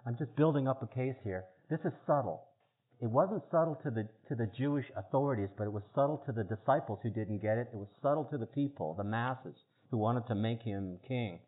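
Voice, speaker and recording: A man giving an informal teaching talk, chatty and halting, often repeating words as he searches for phrasing. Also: mid-range voice. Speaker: preacher. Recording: tinny phone-like sound.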